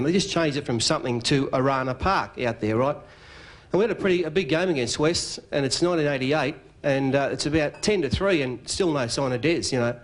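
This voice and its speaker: A man with an Australian accent telling a comic story at a club dinner, spinning a yarn with quick punchlines and doing the other man's lines. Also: medium pitch. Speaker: after-dinner speaker. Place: club function room.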